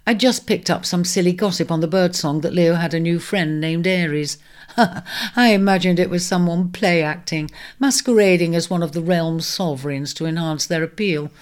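A woman voicing a crisp, teasing woman of the house who quips lightly in a storybook reading. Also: on the low side, moderate pace, darkish tone, close to an everyday voice. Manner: crisp, quipping.

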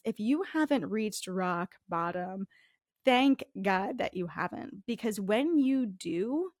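A woman's voice: mid-range voice, darkish tone, dry recording, clean studio sound. A woman in her thirties with a Northeastern US accent, a podcast guest telling her story in a candid, chatty way. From farming community in the US. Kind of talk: podcast interview.

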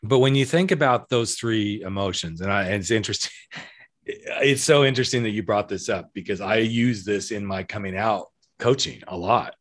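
A man's voice: lowish voice, normal speed. A man who works as a coming-out coach, chatting casually in a frank, rambling way that often breaks off mid-sentence. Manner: frank, rambling, self-interrupting. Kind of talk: casual podcast chat.

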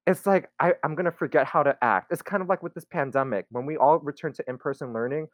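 A man's voice: a little high, quick pace, no echo. A young man in a casual chat, rambling with lots of "like" and "you know". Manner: rambling, many fillers. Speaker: guest.

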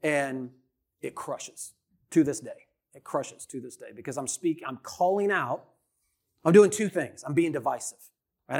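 A middle-aged man, a guest on an interview show, talking in a blunt, energetic, salesy way and often tagging "right?" onto his points. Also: medium pitch. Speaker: podcast guest, entrepreneur. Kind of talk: casual interview talk.

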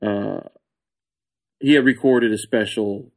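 A man's voice: lowish voice, takes it slowly, vocal fry, low-quality recording. A man, a comedian guest on a podcast, telling a story casually with lots of swearing and laughter. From San Antonio, Texas. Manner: animated, acts out his own reactions in a raised voice; profane, laughs often.

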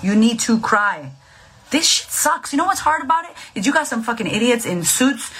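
A woman's voice: on the high side, very animated, moderate pace, fairly bright tone, slightly rough, faint music behind. A woman, likely in her thirties, giving blunt, profane mental health advice in a casual, emphatic coaching monologue.

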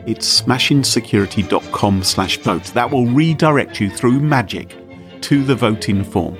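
A man's voice: mid-range voice, expressive, moderate pace, faint music behind. A man co-hosting a podcast, playful and jokey in casual chat. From Britain. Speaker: podcast co-host.

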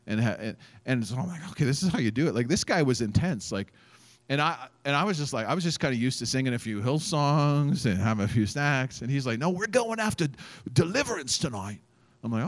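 Animated storytelling male pastor. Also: mid-range voice. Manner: animated, acts out quotes, many fillers. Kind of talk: sermon storytelling. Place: church event stage.

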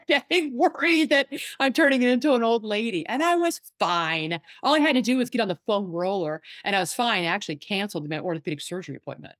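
A woman psychotherapist and life coach talking in a casual interview, animated and storytelling, acting out what others said. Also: medium pitch, quick pace, hardly any pauses, no room sound. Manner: animated storyteller, acts out quoted voices.

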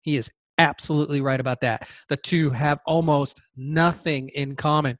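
A man's voice: on the high side, fairly even intonation, moderate pace, a bit bright, no echo, studio quality. A man hosting a podcast who talks casually and rambles, repeating words and going off on tangents. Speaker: podcast host.

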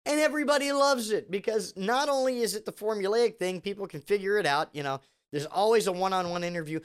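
A man's voice: high voice, fast, smooth. A man delivering a rambling, sarcastic comedic rant, full of restarts and asides.

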